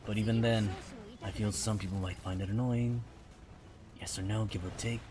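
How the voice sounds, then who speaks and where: A man's voice: lowish voice, steady tone, moderate pace. A man streaming a mobile game, rambling through casual commentary and often repeating himself.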